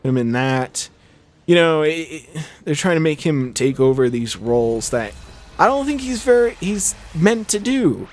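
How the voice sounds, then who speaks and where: A man's voice: on the high side, big pitch swings, unhurried. A young man chatting casually over a game he is playing, rambling with many fillers and restarts. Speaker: gaming channel host. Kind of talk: casual let's-play commentary.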